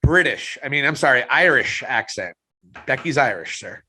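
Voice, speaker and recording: A man co-hosting a wrestling podcast in casual chat, teasing his partner and breaking into excited outbursts. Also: mid-range voice, normal speed, slightly rough.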